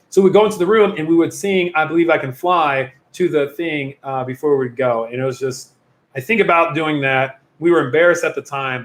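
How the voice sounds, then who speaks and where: A youth pastor with a fairly high-pitched, slightly bright voice hosts a relaxed youth Q&A on a livestream. Chatty and prone to rambling, he often drops sentences midway. An echoey room and a computer or phone mic shape the sound.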